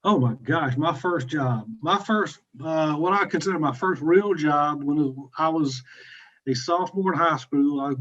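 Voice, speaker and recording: A man's voice: on the high side, unhurried, fairly bright tone, dull audio. A man from South Carolina with a Southern accent, talking easily as a podcast guest about his career. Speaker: podcast guest, insurance agency president. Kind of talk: casual interview talk.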